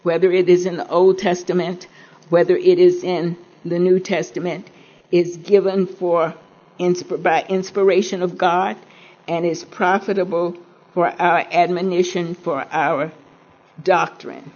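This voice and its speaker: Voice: medium pitch, flat delivery, measured pace, darkish tone, muffled recording. A preacher giving an earnest sermon, asking the listeners questions and paraphrasing scripture in homely words.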